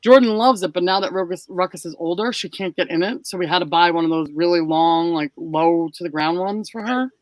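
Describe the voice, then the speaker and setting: A man with a somewhat high voice chats casually. He jumps in with quick remarks. The recording is close and dry. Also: no room sound, rough recording. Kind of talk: casual chat.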